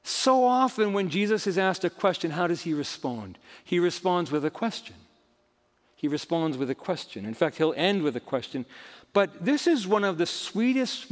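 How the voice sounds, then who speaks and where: Preaching pastor in a reverberant hall. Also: male voice, a little high. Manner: emphatic preaching, rising and falling dramatically. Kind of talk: sermon. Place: church sanctuary.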